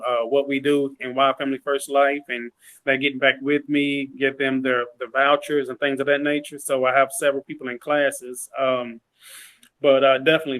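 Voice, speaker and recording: A man's voice: mid-range voice, fairly bright tone, low-quality recording. A man being interviewed on a team call, humble and determined, with hesitant fillers. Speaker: sales agent, interview guest. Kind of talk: casual conversational interview. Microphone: call audio.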